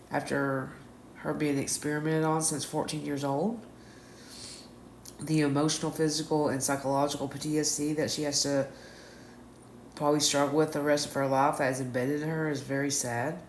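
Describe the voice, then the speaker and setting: A woman reading her review notes aloud in a flat, list-like way. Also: low voice. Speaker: show reviewer. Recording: echoey room, faint background noise.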